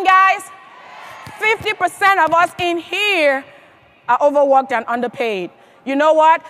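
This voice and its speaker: Woman, high-pitched, motivational speaker, emphatic, rhetorical questions to the audience. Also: fairly bright tone. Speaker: motivational speaker at a sales event. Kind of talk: motivational speech to a live audience.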